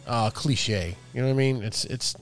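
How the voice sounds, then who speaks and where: A man's voice: mid-range voice, moderate pace, faint music behind. A man co-hosting a podcast, talking hesitantly with many restarts and teasing his friends. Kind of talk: casual chat.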